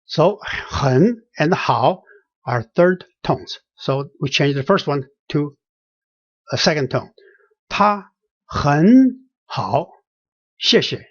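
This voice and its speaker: A husky-voiced teacher leads a beginner lesson at a slow, careful pace, repeating every phrase and pausing on fillers. The pitch swings widely while modelling each word. The sound is dry and dull, like a lo-fi home recording. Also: expressive, no echo. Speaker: language teacher.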